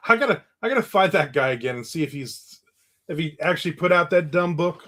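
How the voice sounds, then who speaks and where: A man's voice: a little high, lively intonation, normal speed, pauses often, fairly bright tone. A man in his fifties who hosts a livestream, chatting casually and sarcastically while answering viewer comments, often laughing. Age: 50s. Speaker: livestream host.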